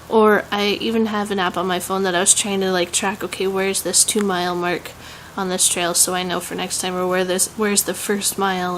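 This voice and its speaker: A woman's voice: mid-range voice, a little hiss or hum, low-quality recording. A young woman with a Southern US accent, chatting casually in a home vlog, rambling with many "um"s and laughs. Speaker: vlogger.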